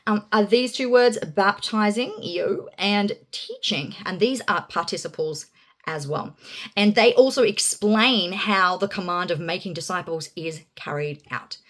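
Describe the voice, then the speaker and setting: A woman with a slightly low voice walks through Bible Greek grammar like she's chatting with a friend. She fills pauses with "um" and leans hard on key words. It sounds relaxed and unscripted, a teacher talking through her notes. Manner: chatty, many fillers, lively emphasis on key words.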